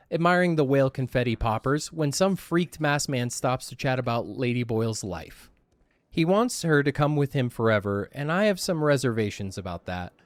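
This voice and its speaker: A man's voice: medium pitch, no room sound, studio quality. A man narrating his playthrough in a casual voice-over, wry, self-deprecating and casually profane. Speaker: gaming channel host.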